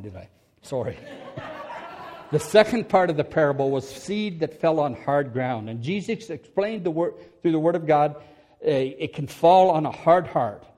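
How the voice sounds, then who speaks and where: A middle-aged preacher tells a sermon story in a church, his voice pitched a little above the usual for a man. He laughs as he goes and acts out what others said, rising to loud bursts and then dropping low and quiet.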